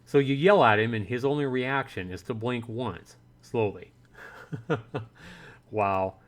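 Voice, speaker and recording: Man reading a visual novel on stream. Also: measured pace. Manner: animated, voices his own reactions in a higher, louder pitch. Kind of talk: livestream commentary, reading game text aloud.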